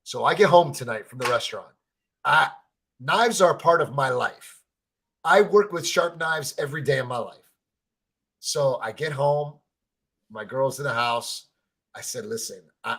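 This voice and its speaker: A man co-hosting a fan reaction stream, telling a rambling story in excited casual chat, repeating words and swearing freely. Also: medium pitch, slightly rough.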